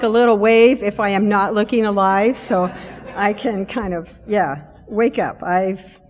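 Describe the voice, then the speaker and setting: A middle-aged woman preaches from the pulpit in an easy, conversational way, joking at her own expense. Her voice sits at a middle pitch. The church's long reverb trails behind each phrase. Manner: warm self-deprecating humor, conversational. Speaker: lay preacher. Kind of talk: sermon. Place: church sanctuary.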